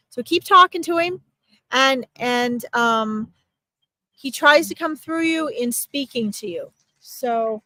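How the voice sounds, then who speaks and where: A woman's voice: on the high side, fairly bright tone, dry recording, poor audio. A woman working as a psychic medium in a live-streamed reading, talking in a chatty, reassuring way and often checking in with her listener. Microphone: streaming mic.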